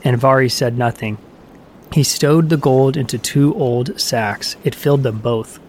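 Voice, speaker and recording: A man reading a myth aloud as a storyteller, in an even, measured way. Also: mid-range voice, a little hiss or hum. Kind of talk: scripted narration of a myth.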